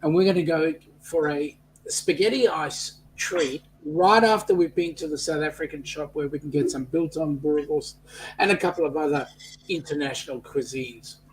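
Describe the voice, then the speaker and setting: A man's voice: a little high, normal speed, a little hiss or hum, rough recording. An Australian man chatting breezily and chummily in a casual group video chat.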